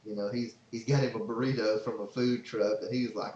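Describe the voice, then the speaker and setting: A man hosting a podcast, telling a long story in a casual, excitable, rambling way. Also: mid-range voice, quick pace, few pauses. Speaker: podcast host and father. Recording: roomy, slightly dull sound.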